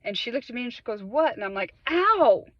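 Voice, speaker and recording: A woman's voice: medium pitch, steady tone, very fast, dry recording. Earnest woman telling her spiritual story. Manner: earnest, emphatic storytelling with repeated words. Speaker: spiritual vlogger. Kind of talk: personal testimony. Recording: dry, slightly muffled sound.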